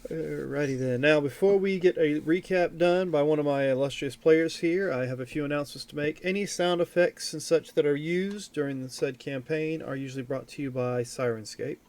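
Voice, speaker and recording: A man's voice: on the high side, normal speed, darkish tone. Chatty man hosting as game master. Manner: chatty, rambling, self-correcting. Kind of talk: casual live-stream chat and announcements.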